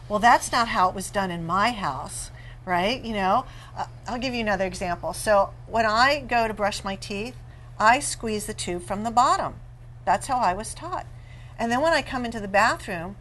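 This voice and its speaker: A woman author, a guest in an interview, telling animated and playful stories about marriage. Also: fairly high pitch, slight background noise, rough recording. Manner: animated storyteller, playful and laughing. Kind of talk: conversational interview.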